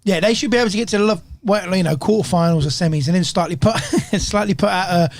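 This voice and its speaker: A man's voice: high voice, quick pace, no echo. A man telling football stories in casual banter with friends. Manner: laughing, storytelling banter. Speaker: podcast co-host.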